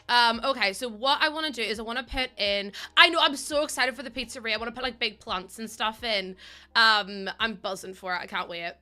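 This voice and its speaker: A young woman streaming a game, chatting quickly with her viewers while feeling a bit run down. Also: on the high side, bright, forceful tone. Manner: fast-talking, chatty. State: under the weather, a bit run down. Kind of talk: casual live-stream chat while playing a game.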